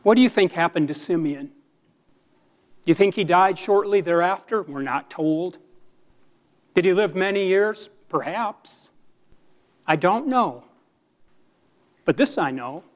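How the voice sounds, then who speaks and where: Man, pastor, sermon, slow delivery, fairly high voice, earnest, dramatic pauses. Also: lively intonation. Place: church.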